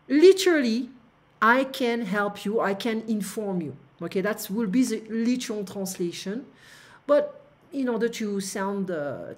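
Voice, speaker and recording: Teacher woman talking through a lesson. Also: medium pitch. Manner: explains step by step with many fillers. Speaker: French teacher. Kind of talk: online language lesson.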